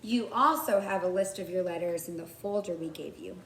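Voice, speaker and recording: A woman's voice: lowish voice, a little fast, fairly bright tone, a little hiss or hum. A woman kindergarten teacher giving a writing lesson to young children, patiently sounding out words. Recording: roomy, from far off the mic, faint background ambience.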